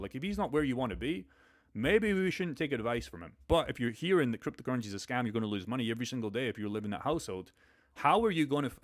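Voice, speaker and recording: A young man hosting a crypto live stream, talking bluntly and profanely in a motivational way. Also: mid-range voice. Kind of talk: casual live stream chat.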